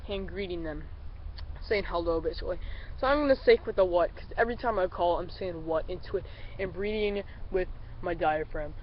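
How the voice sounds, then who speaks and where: A man who is a little under the weather talks through a beginner's duck calling lesson in a loose, rambling way, often calling his viewers guys. The recording is a bit dull and lo-fi, with faint road noise in the background. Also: high-pitched. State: a little sick. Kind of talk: casual tutorial.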